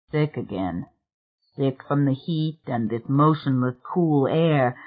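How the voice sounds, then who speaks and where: An audiobook narrator reading a thriller in a measured, even way. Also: mid-range voice. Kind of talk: scripted narration. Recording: tinny phone-like sound.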